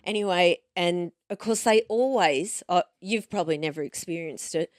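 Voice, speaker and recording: A woman's voice: fairly low pitch, normal speed, no room sound, studio quality. A woman co-hosting a podcast, chatting casually and drifting off on tangents while she tells a story. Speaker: podcast co-host. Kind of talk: casual chat. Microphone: studio microphone.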